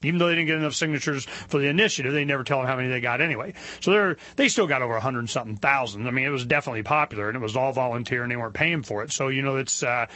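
A man's voice: racing, few pauses, no room sound. Indignant man ranting on a talk show. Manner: animated, indignant storytelling, rising pitch when worked up. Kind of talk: opinionated monologue.

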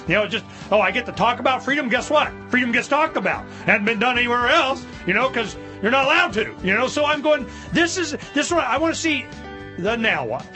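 A man hosting a talk radio show in a studio, talking in an animated, emphatic, rambling way and acting out other people's voices. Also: very high-pitched, over music. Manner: animated, emphatic, rambling with frequent "you know"; acts out other people's voices in quick asides.

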